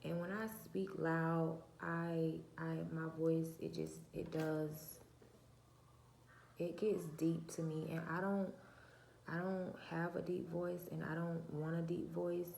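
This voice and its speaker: Soft-spoken woman with a cracking voice. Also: level tone, slow, creaky, echoey room, slight background noise. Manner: soft-spoken, talks low; preachy, emphatic rhetorical questions. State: voice low and cracking. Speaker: channel host. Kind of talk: casual monologue to viewers. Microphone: phone or camera mic, her own mic uncharged.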